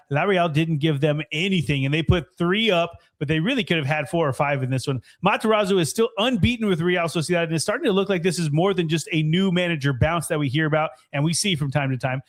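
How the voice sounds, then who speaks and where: A man co-hosting a soccer podcast, reviewing matches in an excitable, casual way and swearing freely. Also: a little high, brisk, hardly any pauses. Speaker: podcast co-host.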